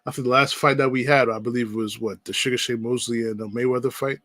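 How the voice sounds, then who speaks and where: A man of middling pitch co-hosts a casual podcast. He chimes in bluntly, agrees in quick bursts and laughs along. His voice sounds close and dry. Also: fairly even intonation, fairly bright tone, no echo. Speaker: podcast co-host. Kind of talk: casual chat.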